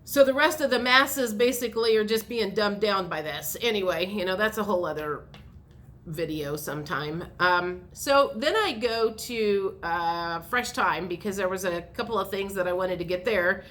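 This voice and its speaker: A woman's voice: medium pitch, moderate pace, a bit bright. A woman telling a rambling story in a casual vlog, with many fillers and restarts. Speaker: vlogger.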